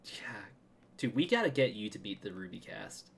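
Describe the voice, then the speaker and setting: A man's voice: on the low side, big pitch swings, moderate pace, breathy edge. A man hosting a podcast in casual chat, telling stories and laughing often. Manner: chatty storyteller, laughs often. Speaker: podcast host.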